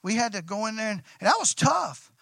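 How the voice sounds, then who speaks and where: Excitable pastor telling a story. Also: male voice, sits high, fairly quick, gravelly, no echo. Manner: excitable, folksy, repeats and restarts, bursts into loud shouts. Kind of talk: sermon storytelling.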